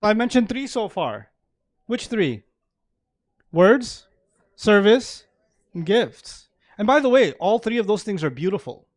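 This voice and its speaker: Animated man giving a lively sermon. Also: high voice, unhurried, pauses often, no echo, studio quality. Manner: animated, acts out examples, laughs often. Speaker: preacher. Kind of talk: sermon to a live audience.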